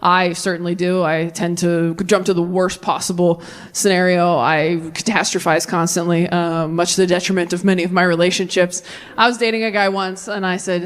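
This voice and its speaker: A woman in her thirties doing stand-up comedy on a stage mic, bantering with the crowd and going off on quick tangents. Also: lowish voice. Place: live comedy venue with audience.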